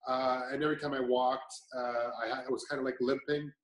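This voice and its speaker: A man's voice: medium pitch, level tone, fairly quick. Man telling his story in an echoey room. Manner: rambling, many restarts and fillers. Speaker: client giving a testimonial. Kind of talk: casual testimonial chat.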